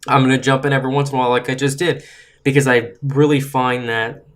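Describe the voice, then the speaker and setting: A man's voice: medium pitch, little pitch movement, fairly bright tone. Frustrated man vlogging political commentary. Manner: frustrated, halting, with restarts while reading. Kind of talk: casual vlog commentary reading a letter aloud.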